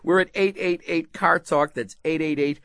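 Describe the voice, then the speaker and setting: A man's voice: a little high, steady tone, normal speed, fairly bright tone, no echo, studio quality. A middle-aged man co-hosting a comic radio call-in show, joking and hesitant with many fillers. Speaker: radio co-host. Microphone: studio mic.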